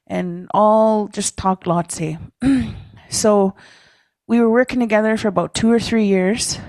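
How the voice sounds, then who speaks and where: A woman telling a personal story to a leaders' meeting, relaxed, often ending phrases with "hey?" or "eh?" and clearing her throat. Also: medium pitch, dry recording. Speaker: speaker at a First Nations leaders' caucus. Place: meeting room.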